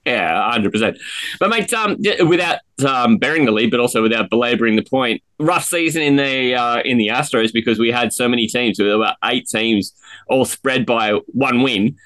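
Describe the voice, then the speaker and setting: Upbeat Australian podcast host, dry sound. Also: male voice, medium pitch, normal speed, fairly bright tone, no room sound. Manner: enthusiastic, matey banter. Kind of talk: casual chat.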